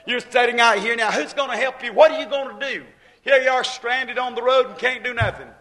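A man's voice: very high-pitched, steady tone, brisk, pushed and bright. A preacher voicing the devil as a scornful male tempter who jeers with repeated taunts, acted out within a sermon. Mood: taunting. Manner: jeering, repetitive taunts. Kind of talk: preacher acting out a quote in a sermon.

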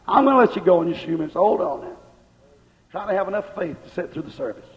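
A man preaches a fiery sermon in a very high voice. His words ring out with a long echo. The recording is dull and lo-fi. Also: animated. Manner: impassioned preaching, slowing and shouting at climaxes. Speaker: pastor. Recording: reverberant church, dull lo-fi sound.

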